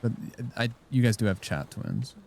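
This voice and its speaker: Low-voiced man rambling on a game stream. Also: sing-song, moderate pace, creaky, a little mellow, slight background noise. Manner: rambling, joking, talks to chat. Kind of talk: casual live-stream chat while gaming.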